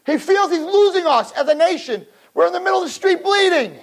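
A man giving an impassioned sermon to girls, swinging from low murmurs to high shouts and acting out dialogue. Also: sing-song, brisk, few pauses, poor audio. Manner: acts out dialogue in character voices. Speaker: religious teacher.

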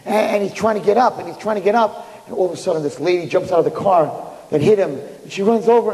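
Animated male storyteller in a hall. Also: high-pitched, fast. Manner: animated, repeats phrases for emphasis, apologetic asides. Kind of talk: live storytelling to an audience. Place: indoor room with audience.

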